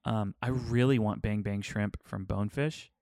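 A man's voice: on the low side, normal speed, no echo, studio quality. A man co-hosting a podcast, rambling through stories in casual chat. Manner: rambling, animated storyteller. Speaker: podcast co-host.

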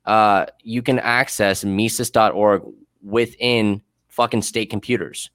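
A man's voice: fairly low pitch, steady tone, slow pace, a bit bright, clear, resonant tone, no echo, studio quality. A man who worked as a prison guard, telling blunt, profane stories in a casual podcast chat that turn heated.

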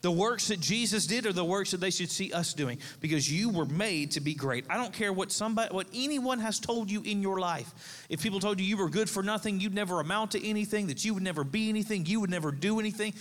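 A man's voice: sits high, a bit bright, in a large hall. A man in his thirties, a pastor, preaching a sermon in a conversational, storytelling way, with asides to the congregation. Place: church sanctuary.

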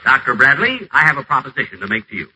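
A sharp-tongued, imperious schemer in a 1940s radio play. His voice is piercingly bright and swings widely in pitch as he delivers theatrical put-downs and sly plots, with a faint hiss underneath. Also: very animated, quick pace, rough recording. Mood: scheming. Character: acid-tongued, pompous, scheming middle-aged man. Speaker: acerbic radio celebrity stuck in a wheelchair.

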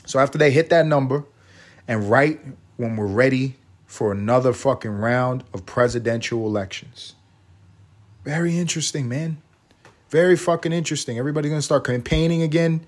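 A man's voice: mid-range voice, brisk. A man hosting his own podcast, ranting in a profane, sarcastic and rambling way. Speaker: podcast host. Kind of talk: casual rant.

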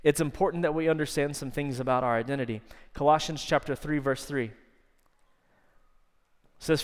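Smooth-voiced guy preaching, drags out words for emphasis, big echoey church. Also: fairly high pitch, normal speed. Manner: emphatic, stretches key words, drops to soft intimate tones. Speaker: pastor. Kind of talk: sermon. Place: church sanctuary. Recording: long church reverb.

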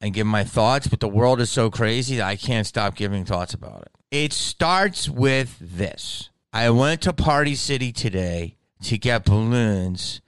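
A man hosting a comedy podcast, delivering a profane, animated solo monologue and slipping into impressions. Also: fairly low pitch, a little slow, few pauses, smooth, dry recording. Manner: slips in impressions.

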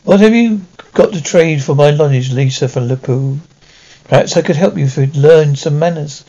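A man's voice: on the high side, moderate pace, mellow. A man voicing an aloof ancient male vampire lord who speaks formally and mockingly. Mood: cold. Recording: dull lo-fi recording.

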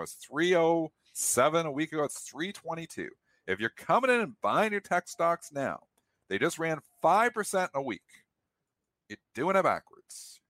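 A man's voice: mid-range voice, fairly bright tone, no echo. A man co-hosting a market show, explaining trading in an emphatic way and repeating his points. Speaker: co-host. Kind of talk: casual trading talk.

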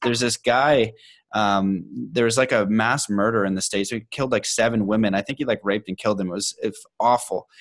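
A man's voice: on the low side, fairly even intonation, brisk, no room sound. A young man hosting a podcast, talking in an earnest, rambling, slangy way in casual conversation. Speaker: podcast host.

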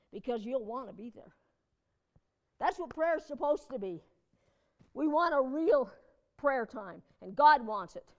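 A woman pastor preaching a conversational sermon, telling chatty personal stories with frequent laughter and sudden emphatic cries. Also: sits high.

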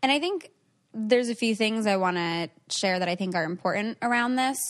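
A woman's voice: mid-range voice, animated, moderate pace. A young adult woman hosting a podcast, talking in a reflective, casual way with many "like"s. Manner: reflective, says "like" often. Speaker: podcast host. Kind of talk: casual chat.

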